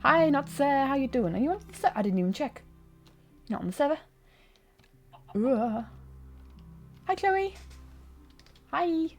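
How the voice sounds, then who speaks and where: A woman's voice: high voice, lively intonation, normal speed, pauses often, soft background music. A woman streaming a game, chatting casually, giggling and poking fun at herself, speaking close to a desk mic. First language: bilingual. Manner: chatty, giggly, self-mocking. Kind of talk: casual live-stream chat.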